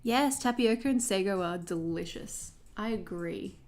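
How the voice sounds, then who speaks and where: A woman's voice: medium pitch, a little slow, a little mellow. A young Australian woman hosting a journaling livestream, chatting casually with viewers while she paints, laughing often.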